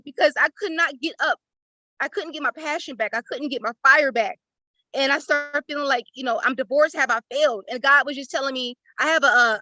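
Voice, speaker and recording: Bright, high-voiced woman sharing emotionally. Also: no echo, rough recording. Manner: heartfelt, tearful, effusive. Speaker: participant in an online class. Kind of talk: emotional testimony on a video call. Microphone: laptop or phone on a video call.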